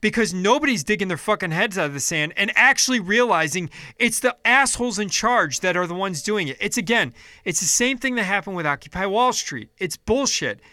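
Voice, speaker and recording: A man's voice: high-pitched, expressive, moderate pace, pushed and bright, no room sound. A man delivering a heated, profane political rant, upset and frustrated, often restarting his sentences. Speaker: vlogger.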